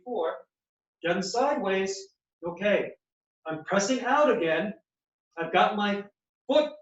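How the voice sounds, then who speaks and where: A male physical therapist explaining and demonstrating knee exercises step by step in a clinic. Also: high voice. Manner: instructive, explains while demonstrating movements. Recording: echoey, distant, dull sound.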